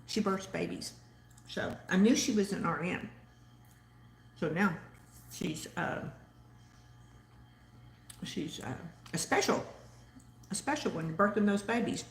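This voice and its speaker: A woman's voice: mid-range voice, slow pace, gravelly, long pauses, reverberant. A woman with a Southern accent hosting a casual live-stream chat, rambling chattily and reading viewer comments aloud. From Texas. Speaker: host.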